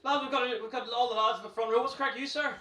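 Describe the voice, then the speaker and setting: A man's voice: very high voice, steady tone, very fast. A man with a Northern Irish accent hosting a comedy club night, teasing the front row with brash, sweary crowd work and laughing often. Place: comedy club stage, indoors. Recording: roomy live club sound from far off with loud audience. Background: audience laughing and cheering.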